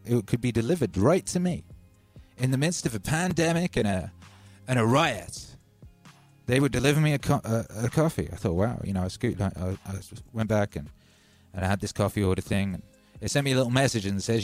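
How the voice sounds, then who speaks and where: A man's voice: on the low side, expressive, a little fast, a little mellow, soft background music. A man hosting a livestream, telling rambling, wry stories in a casual chat from home. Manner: chatty, wry storytelling with hype openers. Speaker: livestream host.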